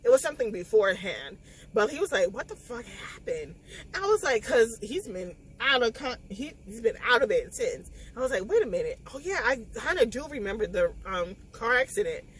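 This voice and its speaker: A woman, recapping a novel in a casual spoiler vlog, tearful and animated as she acts out the scenes. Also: fairly high pitch, fairly quick, low-quality recording. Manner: animated, emotional retelling with quoted dialogue. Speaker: book vlogger.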